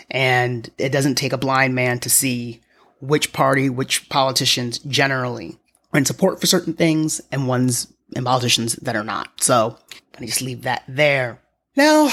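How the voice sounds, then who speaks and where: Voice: mid-range voice, fairly bright tone. Podcast host thinking aloud at home. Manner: conversational and wry, thinking aloud. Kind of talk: solo podcast commentary. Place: apartment at home, quiet early morning.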